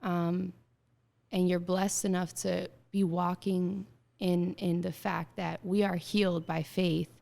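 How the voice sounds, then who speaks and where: Woman with a gravelly vocal fry. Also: fairly low pitch, slow. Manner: animated storyteller acting out quoted dialogue; frequent filler words. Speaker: guest. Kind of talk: casual interview conversation.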